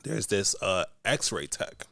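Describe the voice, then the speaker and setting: A man, a podcast co-host, telling a story in casual chat, animated and profane. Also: deep voice, takes it slowly, vocal fry, no echo, clean studio sound.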